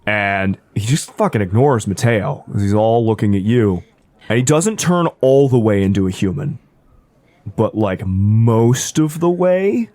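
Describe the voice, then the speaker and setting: A man narrating as game master of a tabletop game in a casual, animated way. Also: fairly low pitch, unhurried, no room sound.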